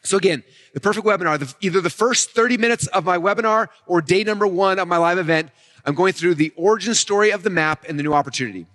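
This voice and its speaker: A man delivering a stage talk on marketing at a rapid clip. His voice sits a bit high and he talks with high energy, punctuating points with "right?" and "okay?". It sounds like a live presentation with running commentary. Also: fairly bright tone. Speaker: marketing speaker.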